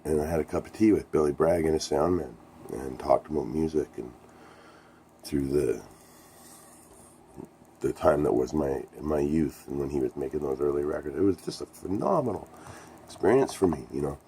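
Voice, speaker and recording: A middle-aged man with an extremely low, dark, mellow voice tells a band story in a casual vlog. He rambles, swears often and sounds thrilled by what happened. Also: moderate pace, vocal fry, pauses often, slight background noise. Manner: rambling, profane, enthusiastic storyteller. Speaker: musician telling a band story.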